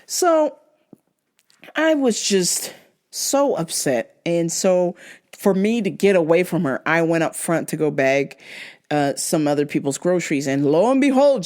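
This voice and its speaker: A woman hosting her own show tells a story as a casual, blunt rant full of profanity. Her delivery swings widely in pitch.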